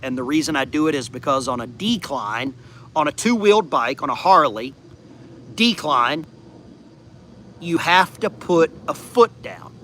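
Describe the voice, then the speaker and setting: A man in his fifties with a bright, forceful voice talks casually from his backyard, rambling from one viewer comment to the next. A faint hum of background noise sits under his voice outdoors. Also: on the high side. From United States. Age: 50s. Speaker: channel host.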